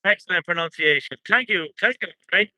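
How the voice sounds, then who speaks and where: A man's voice: high voice, lively intonation, a little fast, bright, forceful tone, no echo. An Irish man chatting casually on a livestream from an outdoor protest, reading out viewer comments, rambling and chuckling often.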